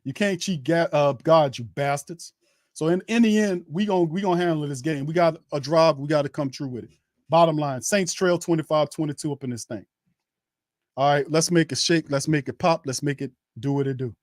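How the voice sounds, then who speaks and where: A man's voice: on the high side, fairly quick, a little mellow, no echo, clean studio sound. A man hosting a fan watch party, giving heated, indignant live play-by-play and ranting at the referees, often repeating himself.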